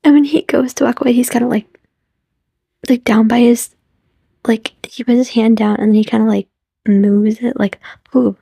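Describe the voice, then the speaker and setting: A woman's voice: a little high, fairly even intonation, normal speed, creaky, pauses often, mellow, no echo. A young woman vlogger recapping a favorite movie in a gushing, casual way, often dropping to a whisper and acting out the characters' lines. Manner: gushing, often drops into whispers, acts out quotes.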